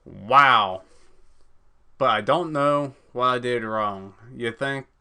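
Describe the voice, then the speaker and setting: Bright-voiced man reading a game aloud. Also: medium pitch, measured pace, clean tone. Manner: casual, swears, stumbles over words. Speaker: let's play gamer.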